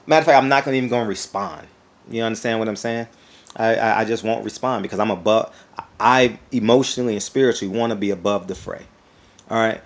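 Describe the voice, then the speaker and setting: Animated man with a fairly low voice. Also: quick pace. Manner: animated, rambling, repeats words. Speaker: YouTube commentator. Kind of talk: casual opinion vlog.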